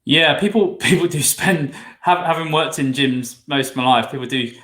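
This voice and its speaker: A man's voice: fairly high pitch, moderate pace, fairly bright tone, echoey room. A man hosting a podcast as a fitness coach, asking loose questions in an easygoing way. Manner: easygoing, laughs along, asks loose questions. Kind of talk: casual podcast interview.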